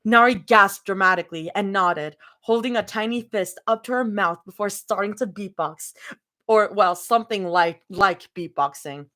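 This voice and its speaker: A woman's voice: mid-range voice, moderate pace, pushed and bright. A woman cold-reading fanfiction live, breaking off into giggly, chatty asides. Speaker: fanfiction reader.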